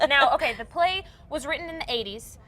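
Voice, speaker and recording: A woman's voice: sits high, expressive, brisk, a bit bright. A woman hosting a TV interview segment, upbeat and chiming in with frequent acknowledgments. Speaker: TV host.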